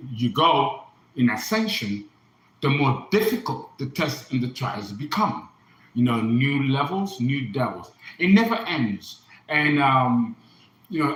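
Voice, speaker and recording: A man's voice: medium pitch, pushed and bright, roomy sound, poor audio. A man in his fifties speaking in an earnest, impassioned personal monologue, often repeating himself. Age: 50s. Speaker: astrologer and occult teacher.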